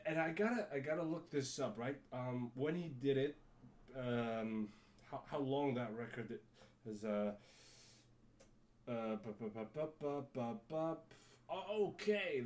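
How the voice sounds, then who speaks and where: Rambling podcast host. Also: male voice, mid-range voice, a little mellow. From Germany. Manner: rambling, self-correcting, laughs to himself. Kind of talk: casual solo podcast chat.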